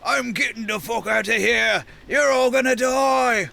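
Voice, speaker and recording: A man's voice: extremely high pitch, unhurried, vocal fry, voice pushed up, heavily acted. A man doing a panicky, cowardly half-giant. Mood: panicked. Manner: yelling in panic.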